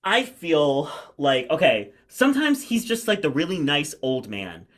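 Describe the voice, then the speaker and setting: A man co-hosting a podcast in casual chat, animated and quick to mimic the people he talks about. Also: on the high side, slight background noise. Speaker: podcast co-host.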